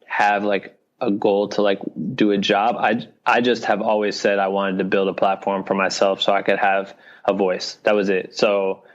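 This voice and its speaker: A man's voice: on the low side, flat delivery, moderate pace, hardly any pauses. A man from Iowa, a guest in a casual podcast interview, talking in loose rambling runs full of fillers. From Iowa, US Midwest. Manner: loose rambling talk full of fillers, "you know what I mean". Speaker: guest, video director and creator. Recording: dull lo-fi podcast audio.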